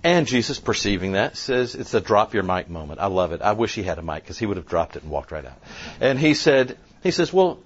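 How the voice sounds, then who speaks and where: A man speaking at a conference, telling a story in an animated way and quoting people as he goes. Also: lowish voice, brisk, husky. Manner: animated, tells the story with quoted voices. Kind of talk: storytelling talk. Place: conference room. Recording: dull lo-fi sound, faint noise.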